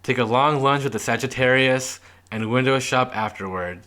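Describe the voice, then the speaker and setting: A young man co-hosts a casual podcast, reading old newspaper clippings aloud in a relaxed, rambling way. His voice sits at an ordinary middle pitch, and he peppers his talk with fillers. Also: normal speed. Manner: laid-back, reads clippings aloud with lots of "like". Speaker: podcast co-host. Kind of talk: casual chat.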